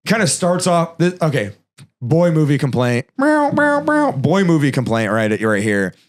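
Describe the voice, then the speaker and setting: A man's voice: mid-range voice, expressive, normal speed. A man with a Philadelphia accent, ranting animatedly and profanely in casual comedy podcast chat, laughing often. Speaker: comedian guest.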